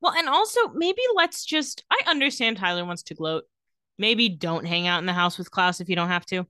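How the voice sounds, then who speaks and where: Recapping scenes on a podcast she co-hosts, a woman acts out lines and jokes around in casual conversation. She has a lowish, expressive, bright voice with a forceful tone and moderate pace, recorded at studio quality with a clean sound and no room sound.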